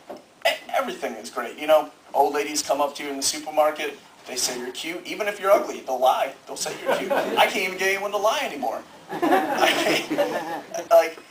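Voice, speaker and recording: A young man in his late teens doing rambling stand-up comedy at an open mic, nervous and laughing at his own jokes. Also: fairly high pitch. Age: young adult. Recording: echoey room, mic heard from far.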